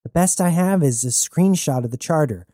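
A man's voice: on the high side, lively intonation, mellow, no echo, studio quality, voice pushed up, lightly acted. A man voicing a nervous young male rebel who talks anxiously and in a rush. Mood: sheepish. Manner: anxious, stammering, rushed.

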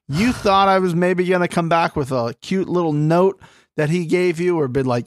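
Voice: medium pitch, normal speed, dry recording, studio quality. A co-host of a podcast, recapping a reality show in a dramatic, mocking way. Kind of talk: casual reality TV recap chat.

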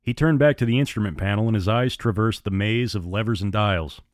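Low guy reading a story out, measured pace, dry no-echo sound. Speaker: narrator. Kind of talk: storybook narration.

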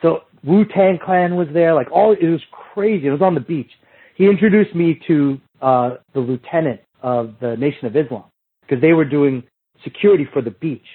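A middle-aged man guesting on a podcast, his voice a little high and husky. He tells rambling anecdotes, restarts often, and drops into other people's voices for quotes. The sound comes through a thin, phone-like remote line. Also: normal speed. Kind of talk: casual storytelling chat.

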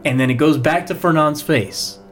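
Male co-host, casual movie chat, animated retelling, faint music under. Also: a little high, moderate pace. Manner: animated storyteller, acts out quotes. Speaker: podcast co-host. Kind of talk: casual film discussion chat.

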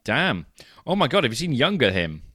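A man co-hosting a podcast in a casual, animated film discussion. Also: medium pitch, breathy edge, dry recording, clean studio sound. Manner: animated, chatty, quick to laugh along. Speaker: podcast co-host.

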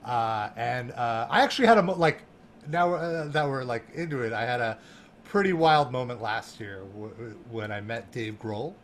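A man telling a story in a casual chat, animated and laughing, full of fillers and restarts. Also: medium pitch, normal speed, slight background noise. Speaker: guest.

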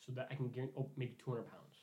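A man's voice: mid-range voice, racing, dark tone. A young man telling a long work story in casual chat, rambling, swearing a lot and acting out both sides of the argument. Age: young adult. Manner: rambling storytelling, heavy swearing, acts out quotes.

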